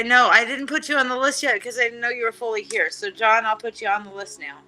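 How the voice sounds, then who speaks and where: A woman's voice: on the high side, fast talker, soft background music. A woman hosting a live psychic stream, chatting loosely and joking while she reads viewer comments. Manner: hyped, animated, joking, reading chat comments aloud. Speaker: psychic show host. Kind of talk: live-stream casual chat.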